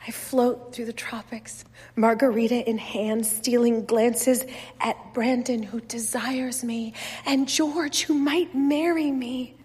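Woman reader, literary fiction, slow and wistful, husky, hall reverb. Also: on the high side. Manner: measured, wistful, softly expressive. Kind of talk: first-person literary fiction reading.

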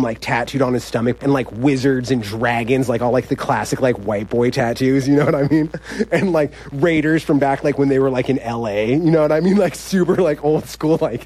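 A man's voice: mid-range voice, darkish tone. Rambling young man telling a story. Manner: rambling, heavy use of "like", laughs often. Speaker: incarcerated storyteller. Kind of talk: casual storytelling.

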